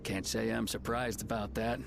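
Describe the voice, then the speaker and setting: A man voicing a shifty, corrupt frontier lawman in a video game, smug but quick to stammer. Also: lowish voice, flat delivery, gravelly. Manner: smug, then stammering when caught. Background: game music.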